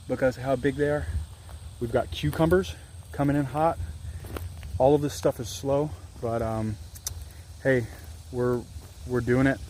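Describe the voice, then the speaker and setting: A man's voice: medium pitch, slight background noise. A man giving a casual, upbeat vlog tour of his market garden, chatting to viewers as "guys", recorded outdoors. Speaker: homestead vlogger and grower.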